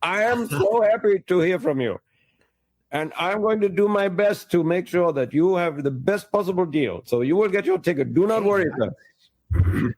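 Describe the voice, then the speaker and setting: A man's voice: high voice, expressive, normal speed, darkish tone, dry recording, voice pushed up, poor audio. A man voicing a polite, eager male airline booking agent with an Indian English accent. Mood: delighted, reassuring. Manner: courteous, effusive.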